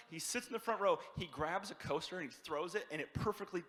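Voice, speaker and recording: A man from the Midwest doing a stand-up comedy set, telling a story with lots of animation and acting out people yelling. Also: sits high, fairly quick, in a large hall. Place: comedy show venue.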